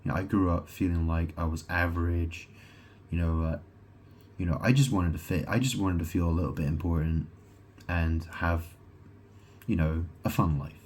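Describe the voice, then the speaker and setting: Low-voiced man, rambling profane monologue, halting restarts, rhetorical questions; faint noise underneath. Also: steady tone, darkish tone. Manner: repeats himself, halting restarts. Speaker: self-proclaimed god vlogger.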